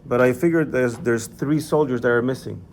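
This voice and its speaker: A man's voice: mid-range voice, moderate pace, a little hiss or hum, natural voice. A man voicing an older landowner and former colonel who speaks with authority in a told story. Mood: recounting. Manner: authoritative, loud. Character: commanding old landowner, former army colonel.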